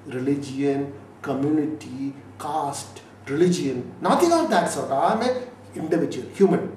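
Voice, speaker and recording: A man's voice: fairly high pitch, darkish tone. A man from India, a lawyer giving an interview, speaking emphatically with repeated lists and rhetorical questions. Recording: echoey room from far off, faint noise.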